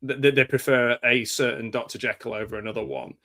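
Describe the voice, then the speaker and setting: A man's voice: mid-range voice, steady tone, fast, fairly bright tone. An English man hosting a casual live chat about films, rambling and hesitant, with many fillers and restarts. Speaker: show host.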